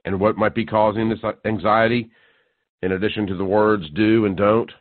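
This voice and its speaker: Sarcastic talk radio host, tinny sound. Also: male voice, fairly low pitch, little pitch movement, normal speed, no room sound. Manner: sarcastic, mocking, building to incredulous outbursts. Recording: tinny phone-like dry sound.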